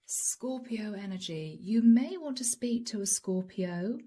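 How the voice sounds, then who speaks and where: A woman giving a channeled tarot reading, soft and emotional, often dropping to a whisper. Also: mid-range voice, animated, measured pace. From Europe. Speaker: tarot reader.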